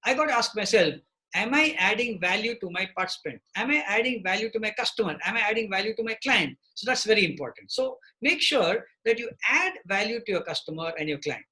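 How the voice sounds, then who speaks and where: Bright, high-voiced man teaching online. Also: animated, fast, rough recording. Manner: repeats "okay?" to check in with participants. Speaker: presentation trainer. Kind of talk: live online training session. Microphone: computer mic on a video call.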